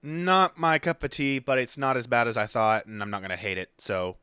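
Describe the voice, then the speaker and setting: A man's voice: mid-range voice, a little fast, sharp tone, clean tone, dry recording, clean studio sound. A laid-back, joking man with an Oklahoma Southern twang, co-hosting a podcast in casual chat. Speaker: podcast co-host.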